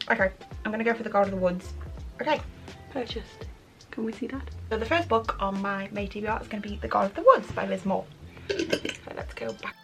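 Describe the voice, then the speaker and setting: Chatty young woman with a gravelly edge. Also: medium pitch, poor audio. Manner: chatty, thinking aloud, many ums. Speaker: book vlogger. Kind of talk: chatty reading vlog.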